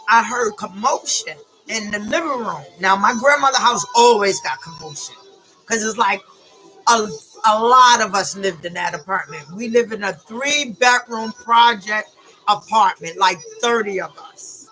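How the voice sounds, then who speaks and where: A woman telling a personal story from her own life. She talks in a halting, emotional way and often repeats herself. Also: mid-range voice, pushed and bright, low-quality recording.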